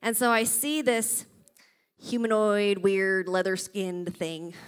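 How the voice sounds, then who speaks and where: A woman preaching a sermon in church, telling stories with lively energy and often checking in with her listeners. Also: mid-range voice. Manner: animated storytelling, often checks in with "okay?".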